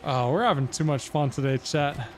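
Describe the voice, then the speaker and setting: A man's voice: mid-range voice, moderate pace, slight background noise. A man livestreaming a game, rambling and musing as he talks to his chat in casual commentary. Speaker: gaming livestreamer.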